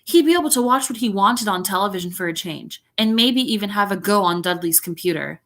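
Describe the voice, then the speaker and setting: A woman's voice: mid-range voice, expressive, a bit bright. A woman teacher reading a story aloud to her class over a video call, stopping often to chat and explain. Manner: chatty, pausing to comment and explain.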